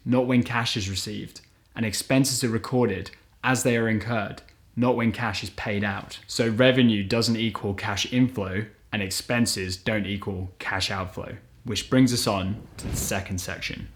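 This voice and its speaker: Low-voiced man teaching accounting basics. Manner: clear, methodical, step-by-step explaining. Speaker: host of an accounting lesson channel. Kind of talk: scripted educational explainer.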